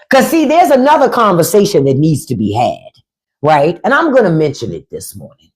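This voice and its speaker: Blunt, sarcastic woman with a lively pitch. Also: moderate pace. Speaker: livestream and podcast host. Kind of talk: unscripted livestream commentary.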